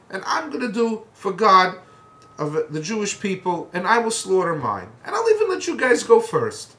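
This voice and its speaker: A bold prophet throws down a confident challenge, his tone mocking and sure, voiced by a man narrating. The voice sits fairly high and rings in a roomy space. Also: a bit bright, far from the mic, exaggerated voice. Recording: echoey room.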